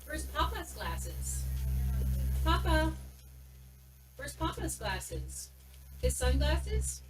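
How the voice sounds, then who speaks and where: High, lively woman prompting quietly. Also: very slow, over music, poor audio.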